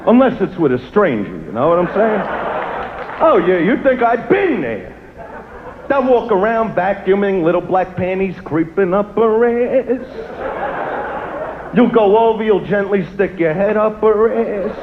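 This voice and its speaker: A man's voice: high-pitched, lively intonation, measured pace. Brash, swaggering male stand-up comic. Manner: brash, swaggering, heckles the crowd. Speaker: stand-up comedian. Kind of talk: crude stand-up crowd work. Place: large venue before a live audience. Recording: lo-fi live stage recording with crowd noise.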